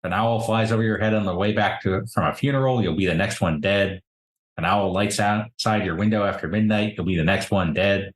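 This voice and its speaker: A man narrating as game master of a tabletop game in an unhurried storytelling way. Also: lowish voice. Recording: roomy echo.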